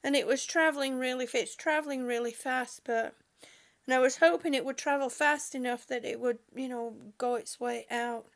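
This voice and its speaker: Speaking at a moderate pace in a steady, high-pitched voice, this woman hosts a relaxed livestream from inside her home, laughing frequently as she reads viewers' comments aloud.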